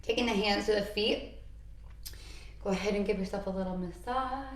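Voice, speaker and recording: A woman teaching a yoga class, calmly cueing poses and breaths with encouraging asides. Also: medium pitch, moderate pace, echoey room. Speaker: yoga instructor. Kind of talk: guided yoga class instruction.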